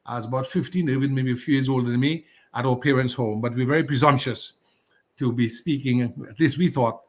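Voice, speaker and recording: A man, a guest on a radio talk show who reminisces in a scholarly, digressive and measured way. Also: medium pitch. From Dominica. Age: 60s.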